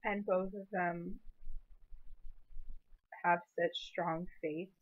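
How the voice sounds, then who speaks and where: A woman's voice: fairly low pitch, steady tone, extremely slow, phone-quality sound. A young woman in a personal vlog, telling an emotional story in an earnest, rambling way. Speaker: vlogger.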